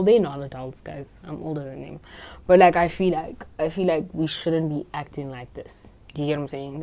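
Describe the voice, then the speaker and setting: A young woman in her twenties talks through a story in a casual podcast monologue. Her voice sits low for a woman, and she speaks bluntly, swears freely and sounds completely sure of herself. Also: warm tone. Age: 20s. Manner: blunt, profane and self-assured. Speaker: podcast host.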